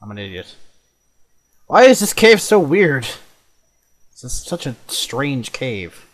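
A young man casually commenting on his own gameplay, chatty and quick to swear and exclaim. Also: mid-range voice, sing-song. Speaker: let's play host.

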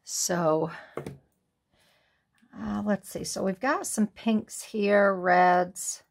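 A woman's voice: medium pitch, drawn-out words, creaky. A woman hosting a card-making tutorial, thinking aloud in a casual, musing way as she works. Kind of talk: casual crafting tutorial talk.

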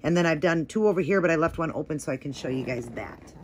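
A woman with a notably low voice talks through her nail art at home. She rambles casually, full of "like" and "um", explaining each step as she paints. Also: expressive, fast, a little hiss or hum. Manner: chatty, rambling, many "like" and "um" fillers. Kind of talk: casual tutorial talk.

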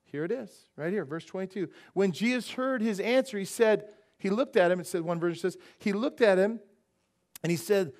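A high-pitched man delivering an emphatic sermon from the pulpit. He keeps asking the congregation questions and slips into voices for the people in the passage he reads. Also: normal speed, darkish tone. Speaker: pastor.

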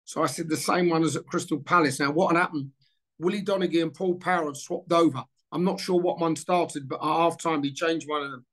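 During a casual interview, a man in his sixties, once a footballer, brings an anecdote to life by playing out the dialogue. His delivery is fairly quick and his pitch a little high.

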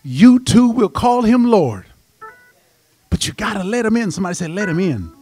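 High, animated preaching man. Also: normal speed, soft background music. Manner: impassioned, emphatic preaching that swells to shouts. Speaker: pastor. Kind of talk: sermon. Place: church sanctuary.

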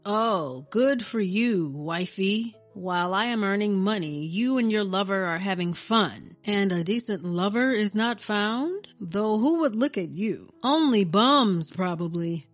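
A woman voicing a drunk, jealous husband who mocks and shouts insults at his wife in a storybook reading. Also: medium pitch, animated, a little slow, few pauses, soft background music. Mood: mocking drunk. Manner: slurred, sneering, shouting insults.

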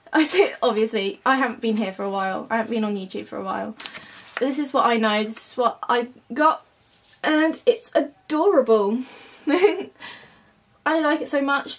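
A woman's voice: a little high, slight background noise. A young woman chatting casually as she unboxes an album at home, giggling often. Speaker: vlogger. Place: at home, indoors. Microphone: camera mic.

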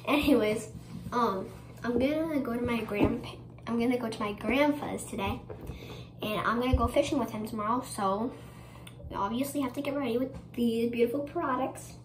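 In an echoey room with some ambient noise, a young woman vlogs while getting ready, chatting casually and giggling through a ramble packed with fillers. Her voice is a little high, at a moderate pace.

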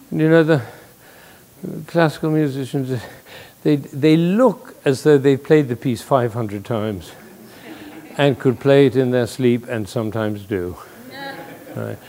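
An older man giving a lively, playful talk to an audience, telling stories and jokes as a speaker on music and leadership. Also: on the high side. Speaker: conductor and speaker.

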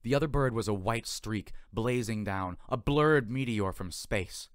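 Low-voiced man reading an audiobook. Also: unhurried, no echo, studio quality. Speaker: audiobook reader. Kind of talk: scripted narration. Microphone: home recording.

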